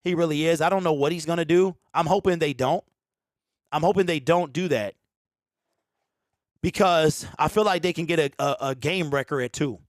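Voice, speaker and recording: A man in his forties hosting a casual sports fan show, reading viewer comments aloud, animated and quick to laugh as he talks straight to his audience. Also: on the high side, dry recording, clean studio sound. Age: 40s.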